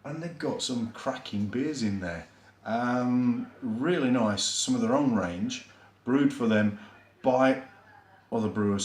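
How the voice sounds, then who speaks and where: A man with a Yorkshire accent reviews a beer on his vlog, chatty, rambling and self-deprecating, with plenty of fillers. His mid-range voice takes its time, recorded in an echoey room.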